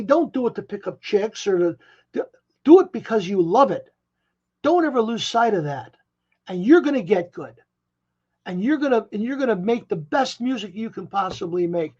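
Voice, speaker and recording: A man's voice: high voice, slightly rough. Older man telling stories, lo-fi audio. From Chicago, USA. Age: 70s. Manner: rambling, animated storyteller who restarts phrases often. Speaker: guest musician. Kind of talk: casual interview storytelling. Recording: dull lo-fi audio.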